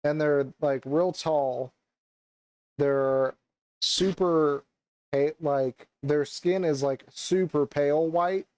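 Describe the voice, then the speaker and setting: Young male co-host, casual chat, rambling with lots of fillers, voice sits a bit high, dry close sound. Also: takes it slowly, darkish tone, smooth, no room sound, rough recording. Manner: rambling, hesitant, many fillers and restarts. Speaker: podcast co-host.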